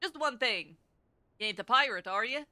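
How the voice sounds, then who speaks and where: A woman's voice: on the high side, expressive, moderate pace, sharp tone, no room sound. A woman voicing a swaggering male rogue guildmaster, reading game dialogue aloud in a thick put-on Scottish-style accent. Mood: lecturing.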